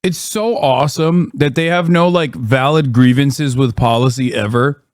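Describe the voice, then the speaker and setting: A man's voice: medium pitch, normal speed, dry recording, studio quality. A man live-streaming, ranting in blunt, profane casual commentary and mocking what he reacts to.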